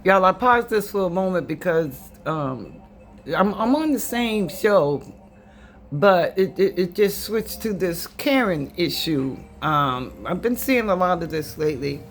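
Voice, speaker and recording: A man talking to viewers in casual commentary, pausing with fillers and restarts as he goes. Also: high-pitched, animated. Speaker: commentator reacting to clips.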